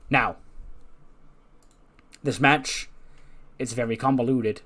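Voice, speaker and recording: A man's voice: medium pitch, moderate pace. A man giving casual game playthrough commentary, chatty and laughing often as he retells the action. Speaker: gaming video creator.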